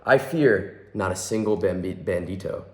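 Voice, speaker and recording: A man's voice: low voice, normal speed, a little mellow, echoey room, close to an everyday voice. A man voicing a brave, boastful little male kitten who fancies himself a great sword fighter, in a storybook reading. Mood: proud. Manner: boastful, sprinkles in Spanish words.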